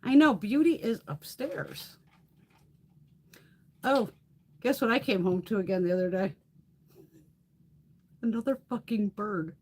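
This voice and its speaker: A woman's voice: medium pitch, a little slow, pauses often, slightly rough. A woman hosting a beauty livestream, chatting casually and telling stories with lots of swearing. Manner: animated storytelling with frequent swearing. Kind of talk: casual chat.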